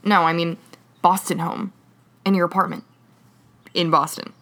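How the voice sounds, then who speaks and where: Woman doing a teasing young guy, playful, kinda low voice, audiobook. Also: little pitch movement, normal speed, a bit bright, lightly acted. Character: young man, teasing and affectionate.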